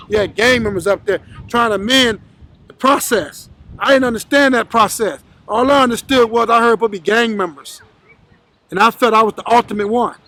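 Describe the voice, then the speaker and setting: In an interview, a man with a very high-pitched, pushed, bright voice recounts his life story. He's blunt and swears a lot, acting out the other people in the story as he goes.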